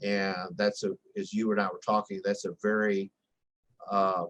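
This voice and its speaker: A man interviewing a candidate for a local news magazine, asking his questions haltingly with many restarts. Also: fairly low pitch, monotone, a bit bright, slight background noise, low-quality recording.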